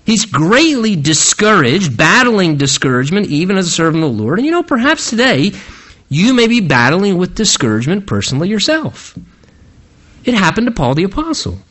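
A man delivers a sermon in a high, lively voice that rises and falls widely. He retells the story dramatically and keeps turning to his listeners with rhetorical questions. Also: fairly quick. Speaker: preacher. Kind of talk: expository sermon.

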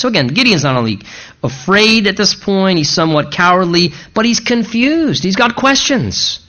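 A man's voice: sits high, very animated, moderate pace, pushed and bright, muffled recording. A male pastor preaching a sermon in an earnest, emphatic way, repeating rhetorical questions to drive his points home.

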